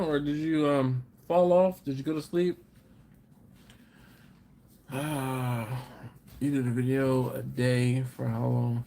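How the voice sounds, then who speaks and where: Slow, laid-back man chatting on a live stream. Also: mid-range voice, flat delivery, gravelly, dark tone. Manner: laid-back, chuckling, chatty asides to viewers. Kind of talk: casual live chat reading viewer comments.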